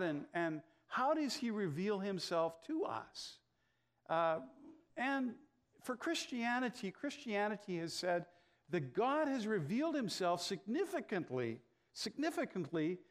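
A middle-aged man from Canada, a pastor giving a conversational sermon full of anecdotes and "uh" fillers. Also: high voice. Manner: storytelling, frequent "uh" fillers, acts out dialogue.

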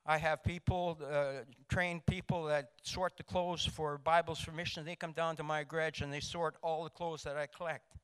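High, smooth-voiced older man. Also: little pitch movement, fairly bright tone. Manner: folksy, halting, with many restarts. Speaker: charity volunteer speaker. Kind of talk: storytelling talk to a group.

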